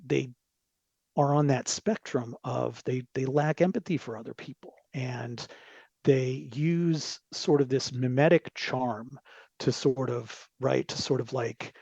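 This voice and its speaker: Gravelly man rambling in casual chat. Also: mid-range voice, darkish tone, dry recording, highs cut off. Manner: rambling, digressive, with frequent verbal asides. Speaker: podcast guest.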